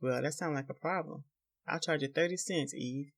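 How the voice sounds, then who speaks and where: A smug, sleazy country preacher drawls in an oily voice, as a man reading the story puts him on. He is pitched well above the narration. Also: moderate pace, creaky, slightly rough. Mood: smarmy. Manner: oily, drawling rural dialect. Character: short fat sleazy rural preacher, smug.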